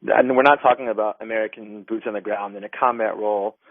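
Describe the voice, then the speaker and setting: A man's voice: fairly low pitch, steady tone, fast, dry recording. A man giving a radio interview by phone as an advocacy group director, earnest and full of fillers and restarts. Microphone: telephone. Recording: tinny phone line.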